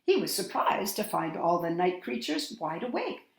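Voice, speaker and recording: Animated woman reading to kids. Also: fairly low pitch, moderate pace. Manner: animated and expressive. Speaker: storytime host. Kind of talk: reading a picture book aloud to children. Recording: echoey room.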